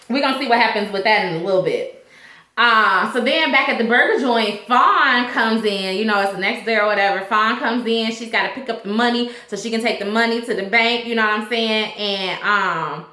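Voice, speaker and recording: A woman casually recapping a TV episode, acting out the characters' lines with lively voices. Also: a little high. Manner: animated retelling, acts out characters' lines. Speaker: TV recap vlogger. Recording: echoey room.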